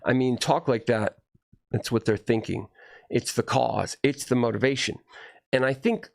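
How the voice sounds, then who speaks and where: Gravelly man ranting freely. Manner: profane, heated, swings between low mutters and raised outbursts. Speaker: video host. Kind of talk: rambling ranting monologue.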